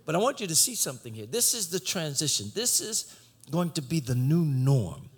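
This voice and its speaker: A man preaching a sermon, swinging from shouted exhortation to low conversational teaching. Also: big pitch swings, moderate pace, breathy edge.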